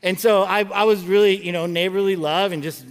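In a large church auditorium with long hall reverb, a middle-aged male pastor delivers an animated sermon full of stories and jokes. His clean voice sits high and moves a little fast, with frequent stumbles and restarts.

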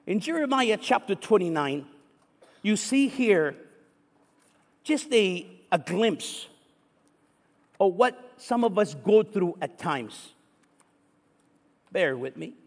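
A man's voice: sits high, very animated, slow, long pauses. A man preaching a sermon, telling a story and reading scripture aloud with rising fervor. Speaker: pastor. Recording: echoey hall with long reverb.

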